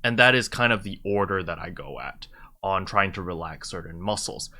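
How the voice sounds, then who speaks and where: Guy with a lowish but bright voice just chatting, loose and explanatory, lots of ums. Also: moderate pace. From lives in China. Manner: relaxed, explanatory, frequent fillers. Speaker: YouTuber giving advice. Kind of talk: casual advice talk to camera.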